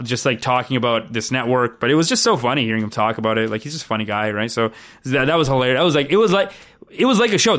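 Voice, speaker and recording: Animated male interview guest. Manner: animated storyteller, acts out quotes with big pitch jumps. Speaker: guest, comedian pitching a show. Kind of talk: casual interview chat.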